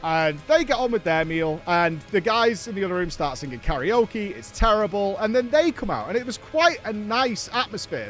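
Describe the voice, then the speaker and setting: A middle-aged man with a high, lively voice tells a story casually, swearing and laughing as he talks. His pitch swings widely and dramatically. Faint music plays underneath. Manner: animated, swearing, laughing while telling a story. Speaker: podcast host.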